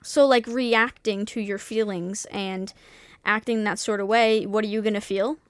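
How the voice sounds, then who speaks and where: A woman's voice: medium pitch, fairly even intonation, normal speed, smooth, no room sound. A young woman streamer in casual chat, talking candidly and swearing freely, with many restarts and fillers.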